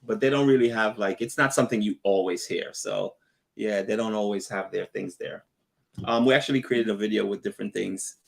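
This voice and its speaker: A man's voice: fairly low pitch, brisk, creaky. A man co-hosting a casual travel live stream, chatting, laughing often and reading out viewer comments. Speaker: travel vlogger co-host.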